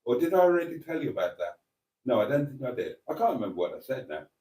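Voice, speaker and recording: A man's voice: mid-range voice, sing-song, quick pace, mellow. A man hosting a casual live stream, rambling through a story and reading out viewer comments.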